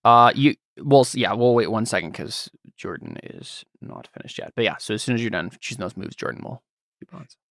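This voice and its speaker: A man running a tabletop role-playing game as game master, chatting in a relaxed, rambling way with lots of fillers. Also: fairly low pitch, a little fast, gravelly, dry recording, clean studio sound. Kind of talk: casual chat while setting up a tabletop game.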